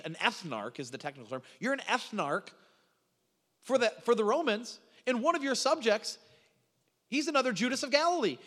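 A middle-aged man preaching a sermon as a pastor, telling stories in an animated way with frequent restarts. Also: high-pitched, normal speed. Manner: animated storytelling with repeated restarts. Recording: long reverb of a large hall.

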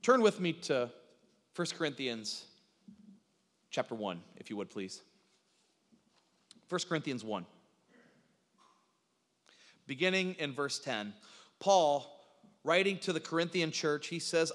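A man preaching a sermon, animated, acting out quoted lines, with frequent restarts. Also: fairly high pitch, slow pace, long pauses. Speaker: pastor. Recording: reverberant hall sound.

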